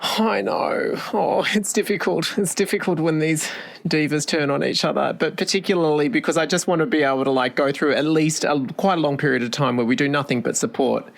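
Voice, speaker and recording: A woman co-hosting a podcast in casual chat, hesitant and halting in her replies. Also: deep voice, gravelly. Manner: hesitant, restarts. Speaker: podcast co-host.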